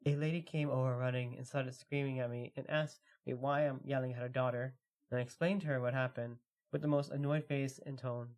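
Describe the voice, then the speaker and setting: A relaxed man co-hosting a casual podcast, reading stories aloud and chatting between them. His pitch sits in an ordinary middle range, and his delivery is loose and filler-heavy. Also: fairly quick. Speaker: podcast co-host.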